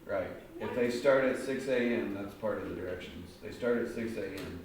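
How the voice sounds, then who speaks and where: A man's voice: fairly low pitch, moderate pace, slight background noise. A man tutoring a group of students through algebra word problems, guiding them with patient questions. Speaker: math tutor. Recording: very echoey room, mic far off.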